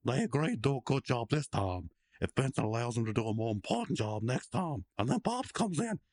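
Animated man recapping a cartoon. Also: medium pitch, brisk, no echo, clean studio sound. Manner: rambling, joking, acts out character lines. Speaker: podcast co-host. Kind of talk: casual episode recap.

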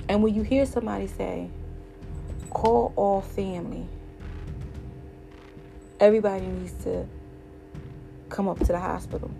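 A woman's voice: mid-range voice, creaky, mellow, rough recording. A woman telling a heartfelt personal story in a casual, earnest way, livening up when she quotes other people.

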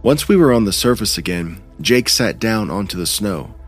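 Low-voiced man narrating horror. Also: animated, moderate pace, slightly rough, soft background music. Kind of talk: first-person horror story narration.

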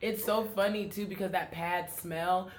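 A woman's voice: mid-range voice, fairly even intonation. Woman chiming into podcast chat, echoey room. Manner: chimes in with quick remarks. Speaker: podcast co-host. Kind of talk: casual chat.

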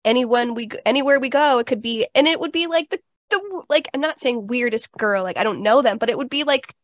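A woman's voice: fairly high pitch, quick pace, dry recording, studio quality. A young adult woman hosting a podcast, telling a personal story in a casual, chatty way with lots of "like" fillers. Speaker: podcast host. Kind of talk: casual conversational interview.

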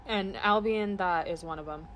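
A woman co-hosting a casual podcast chat, swearing freely and ranting with animated energy. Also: medium pitch, moderate pace, a little hiss or hum. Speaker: podcast co-host.

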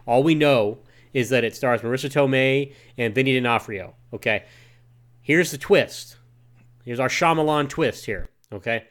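A man's voice: medium pitch, moderate pace, a bit bright. A man co-hosting a podcast, talking casually and joking as he explains plans to listeners. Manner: joking, conversational. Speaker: podcast co-host.

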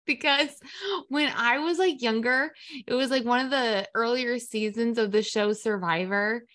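A woman's voice: a little high, steady tone, measured pace, a bit bright. A young woman co-hosting a casual podcast chat, playful and bubbly, often slipping into silly voices. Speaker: podcast co-host.

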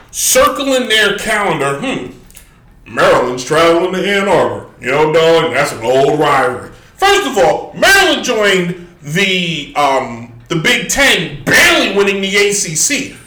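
A man's voice: high voice, bright, forceful tone. A man hosting a sports talk show, ranting with emphatic asides and rambling restarts. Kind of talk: opinionated sports rant. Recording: echoey room.

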